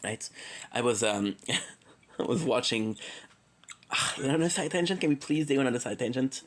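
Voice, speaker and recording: A man's voice: medium pitch, moderate pace, rough recording. A man from Quebec, Canada, rambling through a joking, tangent-filled casual monologue and swearing freely. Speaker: streamer.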